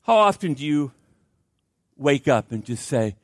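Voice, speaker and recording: A middle-aged man preaching a sermon as pastor, swinging between loud urgent pleas and hushed low asides, often repeating words for emphasis. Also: sing-song, unhurried, pauses often, no room sound, clean studio sound.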